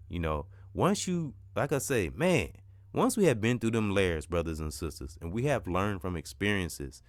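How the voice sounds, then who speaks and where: A middle-aged male podcast host gives an emphatic, preachy spiritual pep talk that repeats its points and swears now and then. His voice sits low, and the clean studio sound has no echo.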